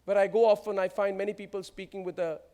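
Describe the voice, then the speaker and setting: A man's voice: high-pitched, flat delivery, quick pace, warm tone. A man in his forties with an Indian English accent, giving an emphatic motivational speech built on rhetorical lists. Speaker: keynote speaker.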